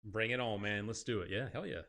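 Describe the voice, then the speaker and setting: A man hosting a casual interview, relaxed and reading out viewer questions. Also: on the low side, quick pace, creaky. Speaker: interview host.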